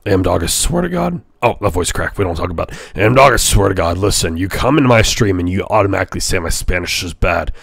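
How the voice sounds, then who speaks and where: Goofy raspy young man streaming. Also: deep voice, quick pace, hardly any pauses. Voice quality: raspy, grainy. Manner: goofy, loud, swings to shouting. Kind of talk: casual live-stream chat.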